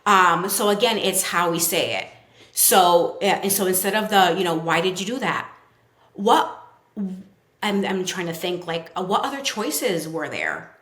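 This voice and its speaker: A woman's voice: fairly low pitch, big pitch swings, unhurried, fairly bright tone. A woman with a New York accent, a child therapist chatting casually as a podcast guest and acting out what kids say. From Brooklyn. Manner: chatty, many fillers, acts out kids' quotes. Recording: roomy echo.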